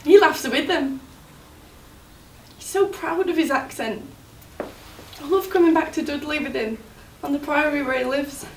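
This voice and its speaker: Actress for a heartbroken young fiancée, high and slow, stage monologue, recorded from across an echoey room. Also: female voice. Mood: tender. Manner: tearful, halting, emotional. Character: young woman, grieving fiancée of an injured footballer. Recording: roomy, distant mic, faint noise.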